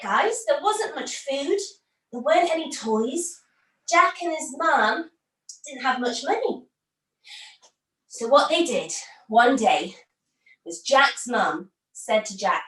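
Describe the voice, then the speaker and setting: A woman leading a storytelling yoga class for young children, playful and encouraging, giving gentle instructions. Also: sits high, animated, measured pace, long pauses, distant mic. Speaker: kids yoga teacher. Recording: roomy echo, from off the mic.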